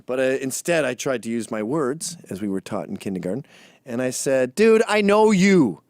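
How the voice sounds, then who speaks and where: A man's voice: mid-range voice, brisk, no room sound, studio quality. A man telling a profane, mocking story about a disrupted talk and imitating his hecklers. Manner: animated, mocking, mimics chants. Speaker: commentator.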